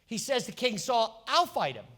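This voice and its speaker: A male pastor preaching a sermon, telling a Bible story with lively voices for its characters. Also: very high-pitched, normal speed. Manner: animated storytelling, acting out biblical characters.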